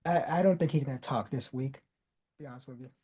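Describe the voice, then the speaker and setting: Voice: mid-range voice, fast talker, mellow, breathy edge. A co-host in casual chat, giving brief reactions and swearing when surprised. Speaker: podcast co-host. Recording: dull lo-fi recording.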